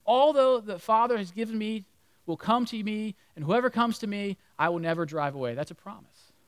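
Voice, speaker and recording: A middle-aged male pastor preaching a sermon, animated, acting out voices and dropping to near-whispers for emphasis. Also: sits high, brisk, smooth, dry recording. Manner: animated, acts out voices of crowd and Jesus, drops to near-whisper.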